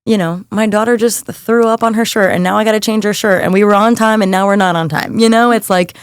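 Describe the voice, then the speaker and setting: A woman's voice: medium pitch, fairly even intonation, quick pace, clean tone, no echo, clean studio sound. A young woman, a coach and guest on a podcast, talking casually and earnestly with many "like"s as she encourages listeners. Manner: chatty, fills with "like", earnest and encouraging. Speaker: guest, mindset and nervous system coach.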